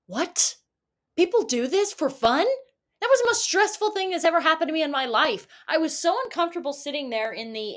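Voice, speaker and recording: A young woman vlogger telling a storytime rant in a profane, sarcastic, self-mocking way. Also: high-pitched.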